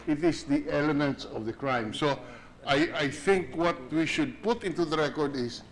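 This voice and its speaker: A man's voice: fairly high pitch, low-quality recording. Man probing in a formal debate. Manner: deliberate, probing, restarts phrases. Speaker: senate minority leader. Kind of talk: formal legislative questioning. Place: legislative chamber.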